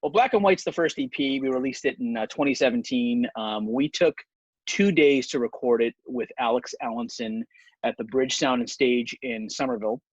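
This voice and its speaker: Male podcast host, loose rambling talker, medium pitch, dry muffled recording. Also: normal speed, slightly rough, dry recording. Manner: rambling with many ums. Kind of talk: casual chat. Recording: dull dry lo-fi sound.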